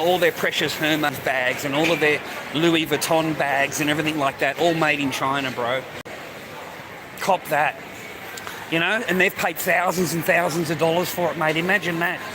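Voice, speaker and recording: A man's voice: fairly high pitch, fairly even intonation, normal speed. A man chatting casually on a live stream as he walks around a shopping area, calling everyone "mate". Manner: chatty, says "mate" often. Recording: street and traffic noise.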